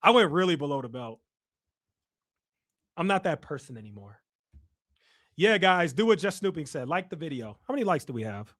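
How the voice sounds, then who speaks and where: Going through chat comments, a young Chicago streamer teases his audience in casual, playful trash talk. His fairly high, slightly bright voice is very animated, moving at a moderate pace with frequent pauses.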